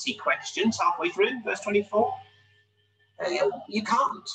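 A man's voice: high-pitched, very animated, normal speed, bright, forceful tone, distant mic, low-quality recording. A man preaching a sermon, explaining a scripture passage with frequent rhetorical tag questions. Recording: voice a little off-mic, faint hum.

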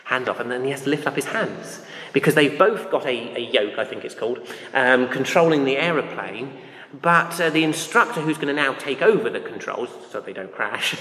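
A man's voice: medium pitch, animated, moderate pace, sharp tone. A man preaching a sermon in a loose, conversational way, with anecdotes and frequent ums and uhs. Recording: echoey hall with long reverb.

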